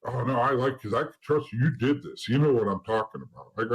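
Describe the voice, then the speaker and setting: Speaking fast with hardly any pauses, a middle-aged former informant tells his story as an interview guest, blunt and profane, acting out old conversations. His mid-range voice is slightly rough, and the recording is low quality.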